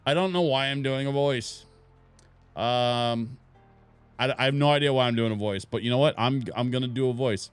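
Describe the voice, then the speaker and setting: A man's voice: medium pitch, normal speed, faint music behind. A man casually playing a game on stream, reading on-screen text aloud and chatting as he goes.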